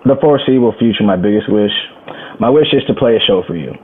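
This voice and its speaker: A man's voice: fairly low pitch, lively intonation, fast talker, breathy edge. An American man, a musician guest in a casual interview, rambling and laughing with many restarts, heard over a video call. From United States. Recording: tinny phone-like line.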